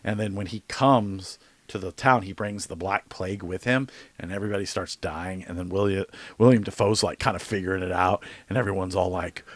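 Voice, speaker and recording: A man co-hosting a movie podcast, talking casually and excitedly, rambling and swearing a lot. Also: sits low, a little fast, no room sound. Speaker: podcast co-host. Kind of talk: casual movie review chat.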